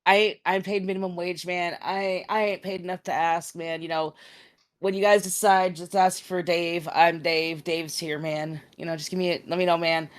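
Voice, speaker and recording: A laid-back stoner clerk, played by a woman, drawls and rambles along. The voice sits fairly low. He sounds like he is barely paying attention. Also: level tone, moderate pace, lightly acted. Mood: lazy. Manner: drawling, rambling, says "man" a lot.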